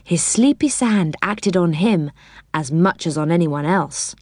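A woman reads a children's story aloud, taking her time over each phrase. Her voice rises and falls in a very lively way. The recording is close and dry. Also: fairly low pitch, dry recording. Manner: expressive, unhurried storybook reading.

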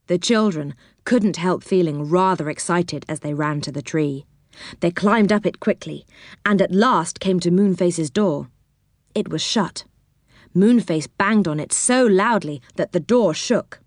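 A woman narrating a children's storybook in a calm, measured way. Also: on the low side, no room sound, studio quality.

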